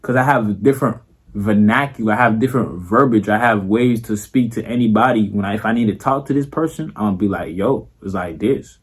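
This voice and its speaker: This young man, a content creator with a Florida accent, talks fast in a fairly low, husky voice. Addressing the camera, he is casual and profane, using plenty of slang and filler tags and repeating "you feel me."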